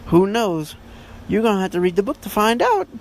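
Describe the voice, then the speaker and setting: High-voiced rambling man reviewing a book. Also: big pitch swings, a little fast. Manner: rambling, full of fillers and self-corrections. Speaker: podcast host.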